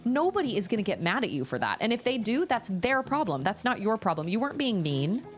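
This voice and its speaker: A woman chatting casually with her viewers while streaming a game from home, rambling through stories in an expressive way. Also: medium pitch, fast. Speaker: gaming streamer. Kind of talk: casual livestream chat while gaming. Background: faint game music.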